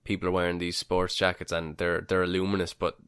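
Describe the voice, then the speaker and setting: A man with a very deep voice co-hosts a casual podcast, dropping dry, deadpan quips. The sound is close and dry, with no room echo. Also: a little fast, smooth. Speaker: podcast co-host. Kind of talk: casual banter.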